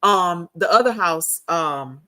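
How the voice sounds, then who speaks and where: A woman host telling a personal story in a casual, animated chat, repeating herself for emphasis. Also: fairly low pitch, slow.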